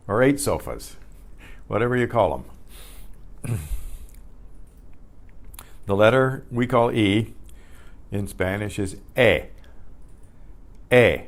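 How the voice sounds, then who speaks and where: An older man leads a beginners' language lesson at an unhurried pace, his voice sitting a little low. He repeats each word several times with clear, careful emphasis, patient with his learners. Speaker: Spanish teacher. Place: community center class for seniors.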